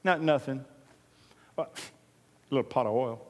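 A man's voice: mid-range voice, unhurried, darkish tone. A man preaching a sermon as pastor, emphatic and repeating his key lines, with folksy storytelling. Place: church. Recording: long reverb of a large hall.

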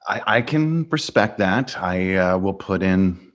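Male podcast host, low voice, upbeat and eager, runs a quick-fire question round. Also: animated. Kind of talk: casual interview.

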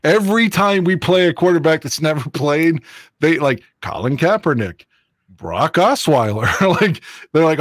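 A man in casual sports chat, excitable and profane, rambling with restarts as he argues his points. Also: a little high, normal speed, dry recording, studio quality. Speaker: co-host of a sports fan show.

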